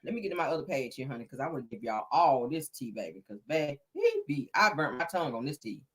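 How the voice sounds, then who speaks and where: A woman hosting a casual gossip commentary show, animated and laughing as she talks. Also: a bass voice, fast, husky. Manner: animated, laughing, sprinkles "honey" and "child". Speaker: gossip channel host.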